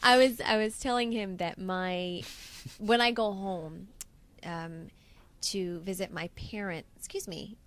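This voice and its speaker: A young woman with a New York accent chatting in an interview. She talks in a lively, self-deprecating way with easy laughs. Her voice sits at a middle pitch and sounds a bit tired from jet lag. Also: slow, no echo. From United States. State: jet-lagged. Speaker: singer and impressionist guest. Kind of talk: casual interview chat.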